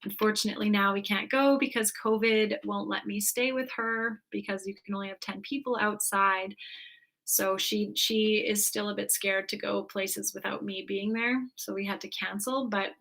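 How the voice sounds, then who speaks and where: A woman telling stories as a guest in a casual conversation, animated and full of "like" fillers. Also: mid-range voice, normal speed, gravelly.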